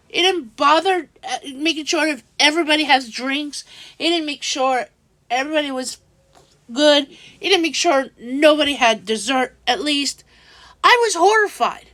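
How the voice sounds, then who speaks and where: A woman's voice: high-pitched, a bit bright, no room sound. A woman vlogger in a casual monologue, venting in an upset, rambling way with many restarts and self-corrections.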